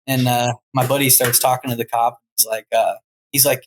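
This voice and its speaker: A young man at a middle pitch, telling hunting stories in a loose, chatty way. He leans on "like" and "dude" and sounds easygoing throughout. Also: fairly even intonation, brisk, noisy background. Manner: laid-back storyteller, lots of "like" and "dude". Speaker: podcast guest, falconer. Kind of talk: casual chat.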